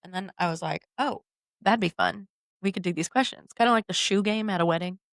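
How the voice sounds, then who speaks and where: A woman's voice: mid-range voice, fairly quick, creaky, no room sound, studio quality. Giggly woman telling stories. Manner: giggly, animated storyteller. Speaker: podcast host. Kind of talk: casual chat.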